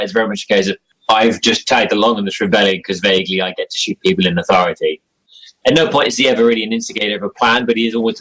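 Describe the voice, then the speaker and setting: A young man with a fairly low, fairly bright, slightly rough voice comes through on poor audio. Appearing as an interview guest, he chats casually about his role-playing game character, rambling, self-deprecating, and chuckling again and again.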